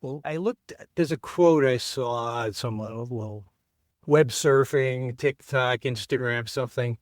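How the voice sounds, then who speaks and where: A man hosts an interview, asking questions in a soft-spoken way with short reactions. His voice sits at an average pitch for a man. The sound is dry and close to the mic. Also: measured pace, no room sound. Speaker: interview host.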